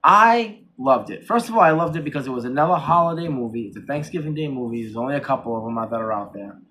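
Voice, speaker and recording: A man reviewing a horror film in casual chat, retelling the plot excitedly with many restarts and corrections. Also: mid-range voice, fast, slight background noise.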